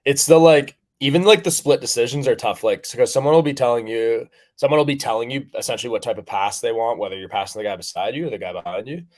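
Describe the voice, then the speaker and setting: A man's voice: medium pitch, fast talker, hardly any pauses. A young man from Canada, a professional rugby player, chatting in an interview with lots of fillers and restarts. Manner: rambling, many fillers and restarts. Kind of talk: casual interview chat.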